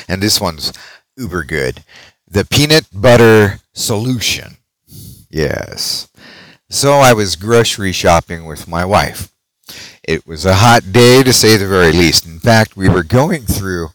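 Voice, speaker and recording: A man's voice: deep voice, a bit bright, no echo, poor audio. A middle-aged man hosting a podcast as a dramatic, showman-like storyteller who chuckles between lines. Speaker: podcast host. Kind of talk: theatrical podcast monologue.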